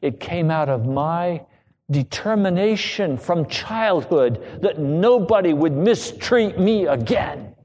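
A man preaching a sermon, telling a personal story with emotion that rises to loud pleading. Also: a little high, expressive, slow. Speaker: pastor.

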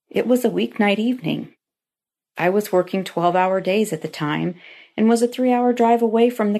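Middle-aged woman, earnest storyteller, somewhat low voice, reading aloud. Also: gravelly, darkish tone. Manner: earnest, heartfelt. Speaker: lodge member telling her story.

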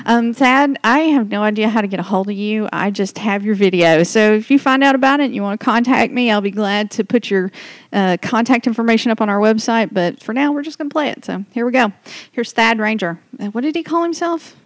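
In a dry recording, a woman with a Southern US drawl hosts a freewheeling podcast, speaking a bit fast in a higher voice. She's chatty and rambling, frequently starting her sentences over.

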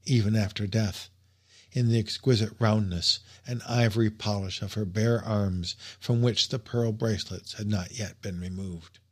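Male audiobook narrator, lowish voice, measured and expressive, reading old literary prose. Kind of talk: scripted narration.

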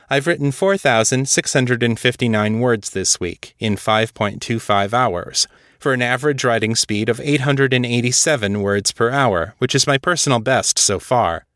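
A man hosting a podcast, narrating a story and giving updates in a measured, matter-of-fact way. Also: mid-range voice, fairly bright tone, dry recording, clean studio sound. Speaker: podcast host and author.

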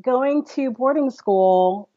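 Laughing woman telling a lively story. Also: high-pitched, takes it slowly, no echo, highs cut off. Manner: animated storyteller, laughs often, acts out quotes. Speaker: interview guest. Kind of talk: casual storytelling interview.

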